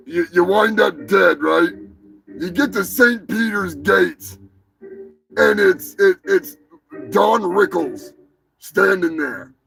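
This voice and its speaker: A man with a high, gravelly voice hosts a live show, rambling through crude, joking rants full of swearing. Music plays clearly behind him. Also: slow pace, long pauses, a bit bright, poor audio. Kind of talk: rambling live-stream monologue.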